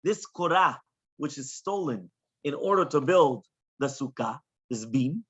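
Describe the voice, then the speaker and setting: A man, a rabbi, teaching a Talmud class in an animated way, often checking in with questions. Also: fairly high pitch, unhurried, breathy edge. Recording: dull lo-fi recording.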